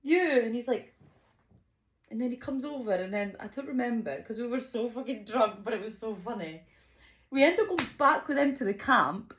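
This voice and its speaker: A young woman telling a chaotic personal story, animated and swearing freely, laughing often. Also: a little high, moderate pace, a little hiss or hum. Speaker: vlogger. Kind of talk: casual storytime.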